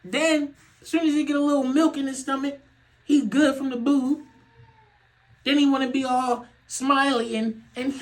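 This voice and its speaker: A young man hosting a podcast, ranting in a loose comedic way. He laughs often, swears freely and swings from loud outbursts to low muttering. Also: fairly even intonation, moderate pace, low-quality recording. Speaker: podcast host. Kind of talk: casual comedic rant.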